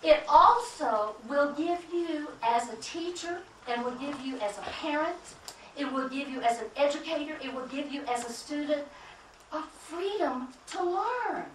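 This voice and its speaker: A woman's voice: high voice, expressive, measured pace, roomy sound, distant mic, noisy background. A woman from the United States giving an emphatic conference talk, repeating key phrases and asking the audience questions. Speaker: keynote speaker at a conference.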